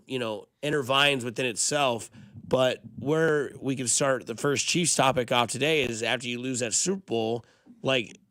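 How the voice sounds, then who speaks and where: Fast rambling sports radio dude, bright tense voice, dry mic. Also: male voice, mid-range voice, clean tone, no echo. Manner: fast, excitable, rambling storyteller. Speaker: radio show co-host. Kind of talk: casual sports radio chat.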